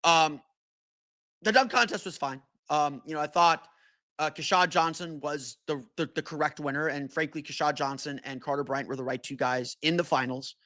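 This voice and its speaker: A man's voice: fairly high pitch, fairly even intonation, normal speed, pushed and bright, no echo. A man hosting a solo sports podcast, talking casually with many restarts and fillers. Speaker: podcast host.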